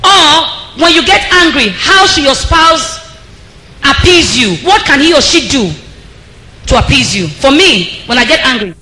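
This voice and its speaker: A woman preacher giving a lively sermon, calling out to the congregation and laughing often. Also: high voice, a little slow, reverberant, rough recording. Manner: lively, laughing, calls out to the crowd. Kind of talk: sermon on marriage.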